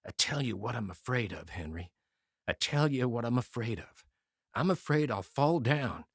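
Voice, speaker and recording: A man voicing a tall wounded soldier who speaks in a monotonous, bewildered way. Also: sits high, normal speed, no echo, clean studio sound, voice pushed up, heavily acted. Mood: fearful. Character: tall wounded male soldier, dazed and frightened.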